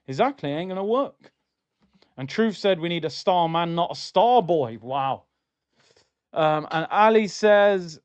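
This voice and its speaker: Young guy ranting at his team on a watchalong stream, kinda high voice, fed up and slangy. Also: clear, resonant tone, dull audio. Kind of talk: live match reaction and reading chat.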